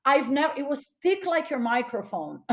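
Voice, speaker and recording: A woman guest on a podcast telling a candid, animated story, often laughing and repeating words for emphasis. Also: sits high, normal speed, a little hiss or hum.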